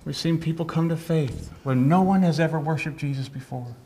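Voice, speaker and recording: A man's voice: on the high side, a little fast, mellow. A middle-aged man, a missionary doctor, preaching an earnest sermon.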